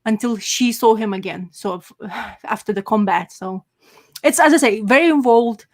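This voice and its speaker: Woman rambling on excitedly, lots of ums and restarts, pitched a bit high. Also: moderate pace. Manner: rambling, enthusiastic, with many fillers and restarts. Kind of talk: casual chat.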